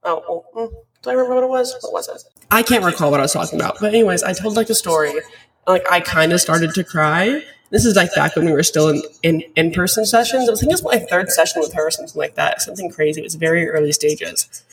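A woman's voice: on the low side, fast, recorded from a distance, slight background noise, low-quality recording. A young woman in her twenties talks through her own podcast, tearful and choked up. Her speech is loose and confessional, with "like" in nearly every phrase. The mic sits a little way off from her. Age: 20s. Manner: rambling, heavy on "like" fillers, open and confessional. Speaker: podcast host. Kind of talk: casual solo podcast talk.

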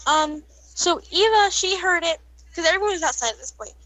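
A woman's voice: very high-pitched, expressive, brisk, pushed and bright, dry recording, poor audio. A young woman telling a rambling storytime vlog, with lots of fillers and laughs. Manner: rambling, giggly, frequent fillers. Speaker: vlogger. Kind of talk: casual storytime.

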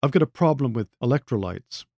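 A breezy, bubbly young woman, as a man reads her lines. He lifts his gravelly voice for her. The sound is dry. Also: medium pitch, expressive, a little fast, mellow, no room sound. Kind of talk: reading own short story aloud.

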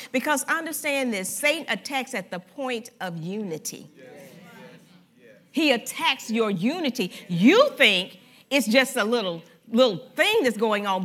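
A woman pastor preaching a sermon in an animated, conversational way, joking with and speaking directly to her congregation. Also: fairly high pitch. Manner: animated, conversational preaching with humor and audience address.

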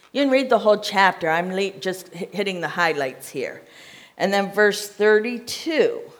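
A woman's voice: medium pitch, lively intonation, normal speed. An American woman preaching a sermon, reading scripture aloud and checking in with her listeners in a conversational way.

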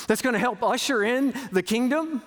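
Boastful impulsive disciple played by a man, incredulous and emphatic, fairly high voice, sermon retelling. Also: expressive, moderate pace, long reverb tail.

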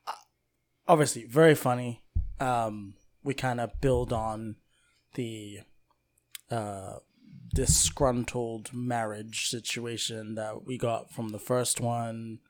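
A young man co-hosting a casual chat, sharing his views on films in a measured way with many ums and uhs. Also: mid-range voice, steady tone. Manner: measured, hesitant, lots of fillers. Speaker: podcast co-host.

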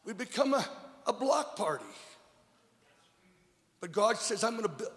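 A high-voiced man delivers a sermon in a church, his words carrying a long hall reverb. He preaches with force, often stumbling over repeated words, then dropping to a near hush. The delivery swings between shouted emphasis and quiet intensity. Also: lively intonation, unhurried. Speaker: guest preacher. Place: church service.

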